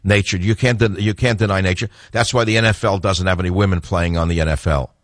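A middle-aged man hosts a talk radio call-in show in a very low voice. He talks bluntly and with strong opinions, and he often chuckles. The sound is close and dry. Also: steady tone, quick pace, no echo.

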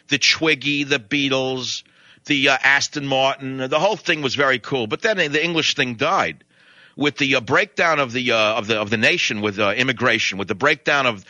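A man's voice: on the high side, sharp tone, no room sound. An older man with a New York accent, giving a blunt, rambling talk radio monologue. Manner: blunt, ranting, digressive.

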